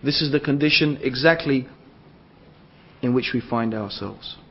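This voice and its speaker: A man's voice: mid-range voice, a little slow, slight background noise. A man giving a religious lecture to an audience, rhetorical and repeating phrases for emphasis. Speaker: Islamic lecturer. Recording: dull lo-fi lecture recording.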